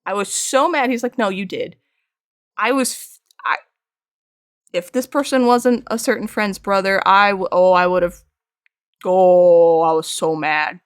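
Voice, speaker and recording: A woman in her thirties chats casually with her stream while she paints at home. She tells stories animatedly and acts out what each person said, with plenty of laughter. Her voice sits at a middle pitch and is recorded close and dry, with no room sound. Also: unhurried, long pauses, clear, resonant tone, dry recording. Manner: animated storytelling, acts out quoted lines, frequent laughs. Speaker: art streamer.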